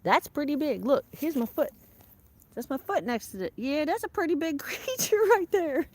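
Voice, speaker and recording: A woman's voice: high-pitched, sing-song, moderate pace, dry recording. A woman chatting casually to her live viewers while doing chores outdoors on a small farm. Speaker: farm vlogger. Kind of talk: casual live-stream chat.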